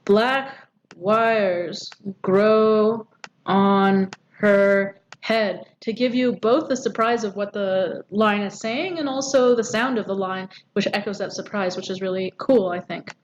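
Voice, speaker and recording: Her medium-pitched voice moves at a moderate pace with hardly any pauses. This recorded poetry lecture has her explaining step by step, using plenty of ums and rhetorical questions, and the audio is dull with faint background noise.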